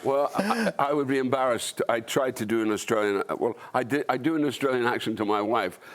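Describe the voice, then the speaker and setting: A man's voice: mid-range voice, animated, brisk. An older man from Scotland with a Dundee accent, a panel guest talking in a blunt, wry, anecdotal way. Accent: Scottish, Dundee. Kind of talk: panel discussion.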